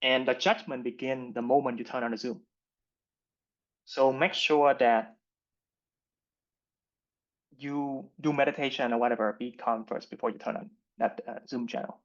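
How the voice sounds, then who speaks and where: A man's voice: mid-range voice, steady tone, moderate pace, long pauses. A man coaching interview skills in a live online masterclass who explains in short phrases and often asks "right?". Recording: muffled lo-fi recording.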